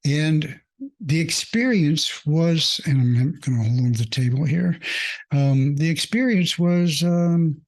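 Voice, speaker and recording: A mindfulness coach tells a personal story, reflective and halting, full of fillers, earnest and openly emotional. His voice is on the high side with a darkish tone.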